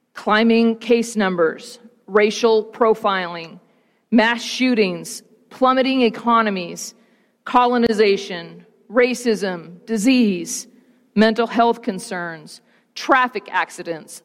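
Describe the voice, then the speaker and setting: A woman pastor preaches in a church with slow, rhythmic repetition and dramatic pauses. Her voice sits fairly high. A long, echoey hall reverb trails her words. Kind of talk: sermon and gospel reading.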